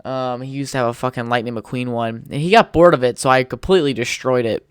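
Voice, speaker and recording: A man's voice: medium pitch, fast talker, clear, resonant tone, no room sound, studio quality. A tired young man hosting a podcast on his own, telling stories in a rambling, laid-back way with lots of swearing. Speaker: podcast host. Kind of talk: casual solo storytelling. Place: home setup with a podcast mic.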